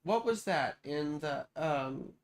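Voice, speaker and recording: A woman's voice: low-pitched, lively intonation, takes it slowly. A woman astrologer giving a live chart reading. She talks in a rambling way, drifts into asides, and calls the viewer sweetheart and baby.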